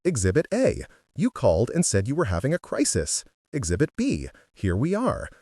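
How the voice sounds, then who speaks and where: A man's voice: medium pitch, wildly swooping pitch, normal speed, husky, no echo, studio quality. A man reading a bossy teasing teen girl. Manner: loud, teasing. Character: teenage girl, bossy joking friend.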